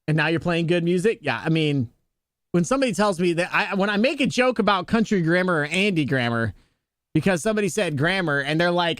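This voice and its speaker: Young adult man, game streamer, casual chat, joking with viewers, slightly high voice, dry close mic. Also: animated, brisk, fairly bright tone, no room sound. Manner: laid-back, jokey, talks to chat, playful pitch jumps on jokes. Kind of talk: casual chat with live chat while gaming.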